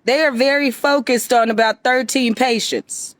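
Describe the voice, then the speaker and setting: High-voiced confrontational woman. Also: steady tone, normal speed, no echo. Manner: emphatic and confrontational, preachy. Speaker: vlogger addressing viewers. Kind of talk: direct-to-camera monologue.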